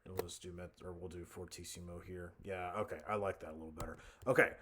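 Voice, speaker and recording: A man with a deep, low voice talks through a composition tutorial at his desk mic. He thinks aloud, hesitating and correcting himself as he works. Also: steady tone, quick pace, background noise. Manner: thinking aloud, many fillers and self-corrections. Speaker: music composition instructor. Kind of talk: casual screen-recorded tutorial narration.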